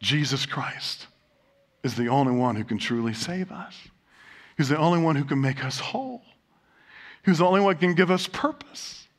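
A man's voice: on the high side, animated, moderate pace, pauses often. A man preaching a sermon, telling humorous stories and asking rhetorical questions of his congregation. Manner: storytelling with jokes and rhetorical questions. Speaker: pastor. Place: church sanctuary.

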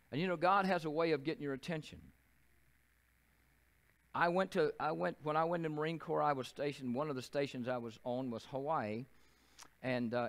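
An older man with a Southern US accent, preaching a sermon as a pastor in a church, telling folksy stories and often repeating and restarting his phrases. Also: medium pitch.

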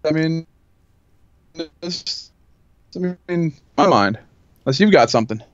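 Slow, dry-voiced man cracking jokes. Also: a little high, lively intonation, no echo, muffled recording. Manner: laid-back, jokey interjections. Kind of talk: casual podcast chat.

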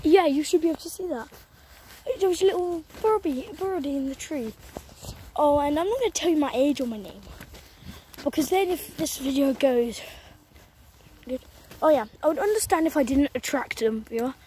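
A woman's voice: sits high, dark tone, slight background noise. A young woman vlogging while walking outdoors, talking into a handheld phone in a rambling, apologetic, chatty way. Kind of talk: casual walking vlog. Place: outdoors on a country road. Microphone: phone camera held while walking.

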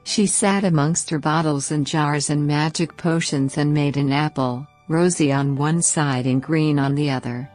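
Low-voiced woman reading a bedtime story. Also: soft background music. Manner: slow, gentle, expressive reading.

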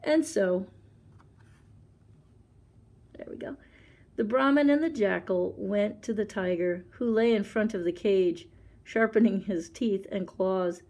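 A librarian reading a picture book aloud for children, with chatty asides about the pictures. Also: female voice, medium pitch, takes it slowly, pauses often. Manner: chatty asides with soft laughs. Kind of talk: storytime read-aloud.

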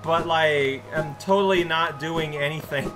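Unhurried male let's-play host, slightly higher voice, rambling playful commentary over game music. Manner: rambling, playful, talks to himself and to game characters. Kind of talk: casual gameplay commentary.

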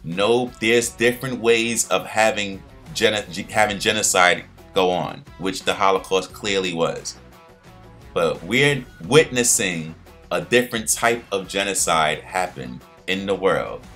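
A man's voice: sits low, lively intonation, unhurried, fairly bright tone, soft background music. Slangy young man doing a rambling recap. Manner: rambling, slangy, many restarts and fillers. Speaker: show recap host. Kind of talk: casual recap commentary.

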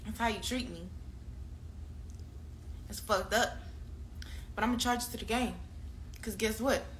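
In a steady, mid-range voice and at a slightly slow pace, this young interviewee rants about her breakup with plenty of profanity. She keeps circling back to the same points, and there is slight background noise.

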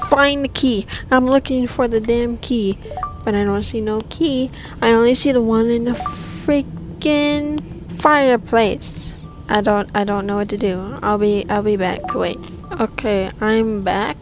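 Jumpy woman gamer, swearing at the screen. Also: a little high. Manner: jumpy, swearing, talks back at the game. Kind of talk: horror game commentary. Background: game music.

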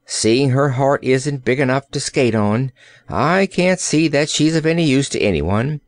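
A man's voice: mid-range voice, animated, measured pace, no room sound, close to an everyday voice. A man voicing a frank, plucky little girl who speaks earnestly and bluntly. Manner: earnest, pleading, outspoken.

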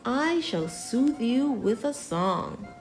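A woman's voice: fairly high pitch, sing-song, slow, soft background music, exaggerated voice. A woman voicing a cheerful, fussy little male mouse in a storybook read-aloud, chirpy and eager to help.

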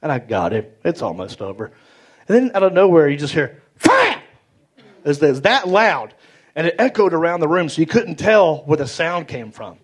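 A man telling an animated stand-up story on stage, acting out other people in big voices. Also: a little high, moderate pace, breathy edge. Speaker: stand-up comedian. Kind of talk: stand-up comedy set. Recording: live club recording, roomy, loud crowd. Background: audience laughter.

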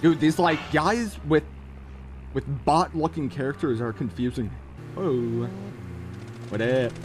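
A man giving jokey, excitable live commentary while playing a mobile shooter game. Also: mid-range voice, takes it slowly, faint music behind. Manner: excitable, jokey, keeps exclaiming in alarm. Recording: loud game gunfire behind. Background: game gunfire and explosions.

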